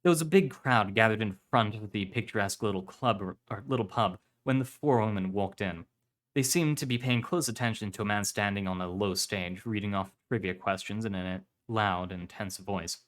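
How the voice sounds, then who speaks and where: A man reading a story aloud on a live stream, in steady narration with some self-corrections. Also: on the low side, normal speed.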